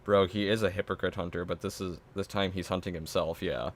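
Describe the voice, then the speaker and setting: A man's voice: low-pitched, fairly even intonation, a little fast. A young man hosting a casual reaction podcast, mocking and swearing often. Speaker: podcast host.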